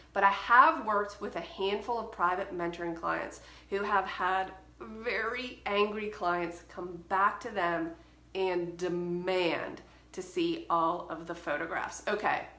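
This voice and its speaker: A woman's voice: medium pitch, sharp tone, roomy sound. A woman hosting a photography advice show, speaking firmly and directly. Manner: firm, direct and emphatic. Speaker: photography educator and podcast host. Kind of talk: solo talk to camera, advice.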